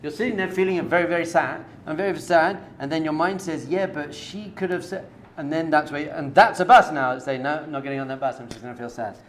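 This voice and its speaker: A man's voice: on the high side, fast, hardly any pauses, a little hiss or hum. A man, a rabbi, giving an informal spoken lecture to a live group, coaching them directly with everyday analogies in a conversational tone. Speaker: rabbi teaching a class.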